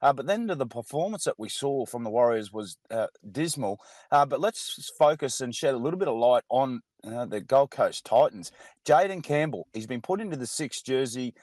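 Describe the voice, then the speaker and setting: A man with an Australian accent, co-hosting a sports radio show, giving measured analysis full of "uh" fillers. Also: mid-range voice, expressive, darkish tone, no room sound.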